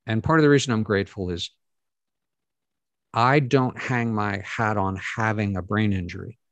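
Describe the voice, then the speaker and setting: A middle-aged man with a fairly low voice tells personal stories in an earnest, meandering way, full of asides. The sound is dry and close, with no room around it. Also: no room sound. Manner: earnest, storytelling, rambling asides. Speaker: guest. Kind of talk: casual conversation.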